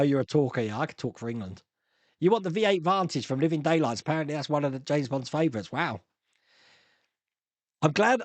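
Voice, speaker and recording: A chatty man from Australia hosts a live stream, answering viewer comments in a casual, rambling way. His voice sits a touch high and swings lively up and down, and he often restarts his sentences and chuckles to himself. The recording is dry and close. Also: dry recording.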